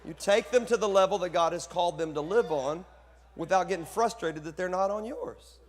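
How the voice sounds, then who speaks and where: A man's voice: sits high, brisk. A man preaching to fellow pastors, joking and breaking into bursts of preacher fire. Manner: lively, joking, preacherly outbursts. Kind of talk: conference sermon to pastors. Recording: hall reverb.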